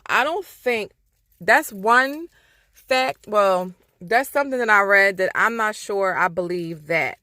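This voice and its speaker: Woman, vlogger, profane rant, exasperated, mid pitch, dry room. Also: pushed and bright, no echo. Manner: profane, exasperated, heated ranting. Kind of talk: casual ranting monologue.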